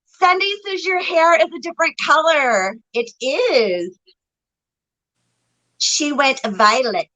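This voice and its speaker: Bright, high-voiced woman, unhurried. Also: expressive, low-quality recording. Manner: chatty, greets viewers by name, laughs often. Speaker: livestream host, psychic reader. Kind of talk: casual livestream chat.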